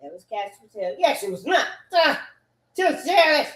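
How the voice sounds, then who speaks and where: A woman ranting in a loud, profane, repetitive way, swinging between loud bursts and low mutters. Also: big pitch swings, a little fast. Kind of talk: animated rant. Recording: echoey room.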